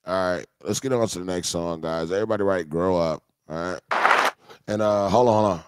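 A man's voice: sits low, brisk, a little mellow, clear, resonant tone, no room sound, clean studio sound. A man hosting a live-streamed music review, talking in crude, mocking, joking banter. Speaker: host.

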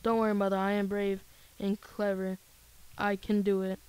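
A woman's voice: medium pitch, flat delivery, moderate pace, darkish tone, clean tone, natural voice, low-quality recording. A woman voicing an earnest, eager little frog boy in a children's storybook.

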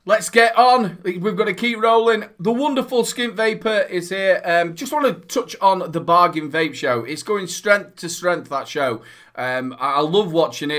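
A high-pitched man with a Northern English accent hosts a casual live-stream chat. He talks in a chatty, upbeat way and keeps the banter rolling. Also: a bit bright. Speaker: host.

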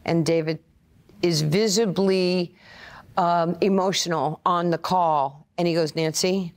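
A woman, telling stories in an interview. Her voice sits a little low, and she acts out what other people said. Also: slow. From Brooklyn, USA. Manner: animated, acts out quoted voices. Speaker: interview guest, former player and coach. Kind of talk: storytelling interview.

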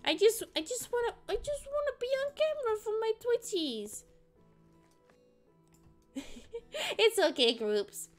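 A woman's voice: extremely high pitch, sing-song, takes it slowly, pauses often, soft background music. A woman streamer chatting playfully and rambling as she plays, often singing little ditties to herself. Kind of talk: casual gameplay chat.

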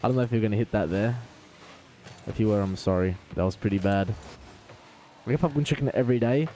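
A man with an Australian accent streaming a car-ball game live, talking to chat and trash-talking opponents in excitable banter. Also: mid-range voice, a little fast, long pauses. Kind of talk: live gaming commentary.

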